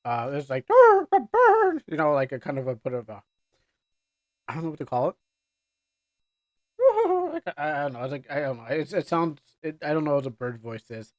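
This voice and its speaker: A man's voice: medium pitch, quick pace, no echo, highs cut off. A man who grew up in Canada, chatting casually on a livestream, rambling and self-deprecating with many restarts. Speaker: streamer. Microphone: desk microphone with headphones.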